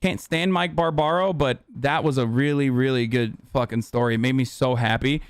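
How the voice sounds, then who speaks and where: A man's voice: medium pitch, normal speed, smooth, no room sound, studio quality. A man streaming a reaction to a clip, ranting in a heated, profane, casual way.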